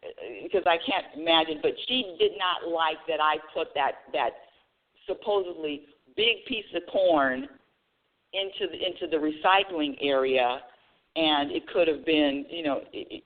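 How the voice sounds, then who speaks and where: A woman's voice: low-pitched, moderate pace. A woman hosting a live talk radio show, telling a story in a chatty way. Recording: tinny phone line.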